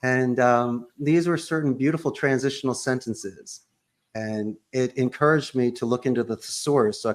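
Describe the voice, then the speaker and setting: A man who owns a call center, talking as a podcast guest in an emphatic, punchy way that is full of sports and pop-culture references. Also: mid-range voice. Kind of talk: animated interview talk.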